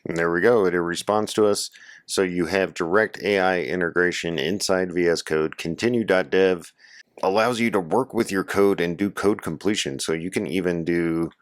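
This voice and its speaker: A man with a hoarse voice from a cold, casually walking viewers through a software setup as a tutorial host. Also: low voice, moderate pace. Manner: casual, instructive, addresses viewers as guys. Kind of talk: screen-share tutorial walkthrough.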